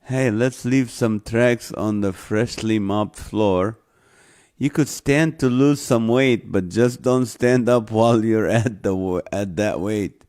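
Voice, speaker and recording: A man's voice: lowish voice, slow, darkish tone. A man hosting a live online show, reading viewer comments aloud and chuckling often.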